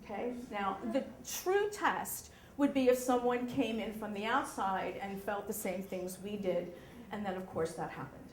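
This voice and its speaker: A woman telling a true story live on stage, animated, often checking in with the audience. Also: mid-range voice, moderate pace, reverberant, slight background noise.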